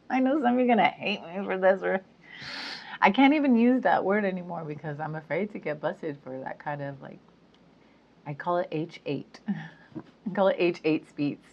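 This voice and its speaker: A woman's voice: fairly low pitch, moderate pace, creaky. A woman talking casually to her viewers, chatty with frequent giggles and fillers. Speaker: spiritual speaker. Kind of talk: casual monologue to camera. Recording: dull lo-fi sound.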